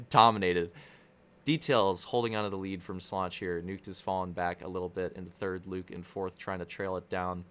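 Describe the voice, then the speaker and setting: A man's voice: sits low, fairly even intonation, normal speed, a bit bright, smooth. A young man giving casual, joking commentary on a video game race, rambling into crude asides.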